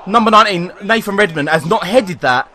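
A man from England calls his own football video game as he plays it, with a fairly high voice that leaps all over the place. He yells and swears at the players, then drops into deflated muttering. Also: brisk. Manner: excitable, swearing, swings from yelling to deflated muttering. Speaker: gaming YouTuber. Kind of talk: live football game commentary.

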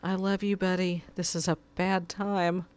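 A woman's voice: lowish voice, level tone, measured pace, a little mellow, smooth. A woman giving casual gameplay commentary, muttering to herself and pleading with her cat at her desk. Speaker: gamer.

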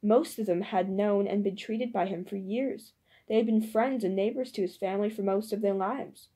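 Pitched at a medium level, this female audiobook narrator reads a novel aloud at an even, measured pace.

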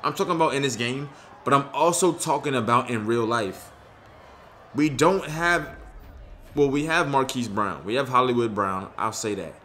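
A young man giving casual, slangy commentary on his own video game play, excitable and frustrated. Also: mid-range voice, normal speed, slight background noise. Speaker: gaming YouTuber.

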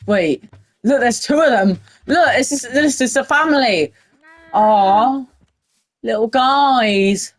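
A woman giving casual, excitable commentary while playing a game and talking to the animals in it. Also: on the high side, takes it slowly. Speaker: gaming video creator.

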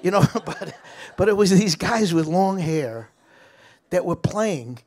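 Older American man, interview guest, raised pitch, animated raconteur with halting restarts. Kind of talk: casual storytelling interview.

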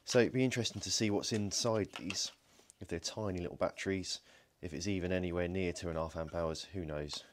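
A man's voice: low voice, steady tone, brisk, hardly any pauses, a little hiss or hum. A man hosting a casual workshop video, joking and thinking aloud as he takes apart a battery pack. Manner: joking, thinks aloud while working, frequent ums and self-corrections. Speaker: DIY electronics video host. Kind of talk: casual hands-on teardown narration. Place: home workshop.

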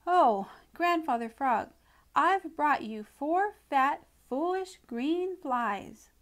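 Storybook part: a squeaky-high, breathless little boy mouse, eager and very polite, as a woman reads him. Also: slow pace. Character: small eager polite young male meadow mouse.

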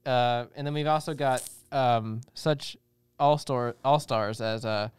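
Young male co-host, smooth dry sound, rambling jokey delivery. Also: mid-range voice, unhurried, dry recording. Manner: rambling, joking, many restarts. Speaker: podcast co-host. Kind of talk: casual chat.

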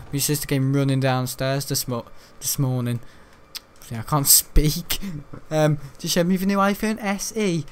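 A man giving casual, rambling gameplay commentary, joking and laughing often. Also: a little high. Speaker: gaming channel host.

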